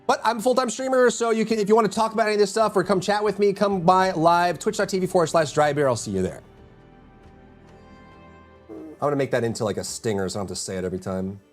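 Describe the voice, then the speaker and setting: A man's voice: high voice, fast, faint music behind. A man streaming live, chatting casually with his viewers, rambling and humming or muttering to himself between thoughts. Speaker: full-time streamer.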